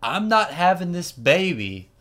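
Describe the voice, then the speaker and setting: A man performs a full character voice as a tough, stubborn elderly woman wrestler, pitched above his own voice. The delivery is high-pitched, very animated, unhurried, and fairly bright in tone.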